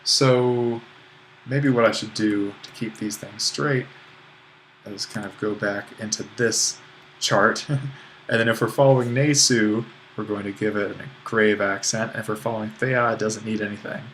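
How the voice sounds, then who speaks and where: A man's voice: on the low side, steady tone, moderate pace, a bit bright, slight background noise. A man teaching, working through grammar exercises and patiently correcting himself as he goes, with a little dry humor. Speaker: Greek teacher.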